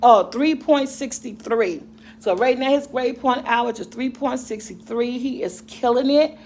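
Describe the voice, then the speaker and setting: A woman's voice: on the high side, measured pace, darkish tone, slight background noise. A middle-aged woman vlogger and mother, chatting casually and rambling to her viewers about their comments, laughing often.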